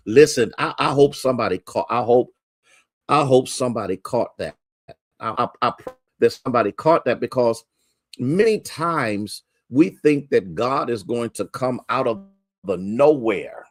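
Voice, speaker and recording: Slow, emphatic preacher, a man. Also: medium pitch, dry recording, studio quality. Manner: repetitive, emphatic, greets listeners by name. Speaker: pastor. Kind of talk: sermon.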